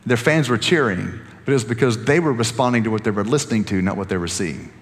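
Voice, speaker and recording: A man preaching a sermon as pastor, animated and joking with the congregation, often restarting his sentences. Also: lowish voice, fast, in a large hall.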